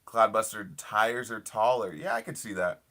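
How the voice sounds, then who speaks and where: Excited low-voiced young man live streaming. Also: moderate pace. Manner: enthusiastic, rambling, lots of fillers and repeats. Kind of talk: casual live stream chat reading comments. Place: inside a parked car at night.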